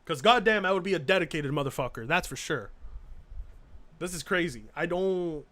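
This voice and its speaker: A man's voice: fairly high pitch, animated, normal speed, pushed and bright. A man streaming live, reacting to videos with sarcastic, incredulous commentary. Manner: sarcastic, incredulous, laughing asides.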